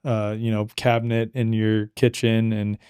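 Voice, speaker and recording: Male podcast host, reflective interviewer, mellow tone. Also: on the low side, level tone, normal speed, smooth, dry recording, studio quality. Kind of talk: interview conversation.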